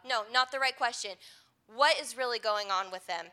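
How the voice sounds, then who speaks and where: A woman's voice: a little high, normal speed, sharp tone. A young adult woman pastor giving an earnest, conversational sermon.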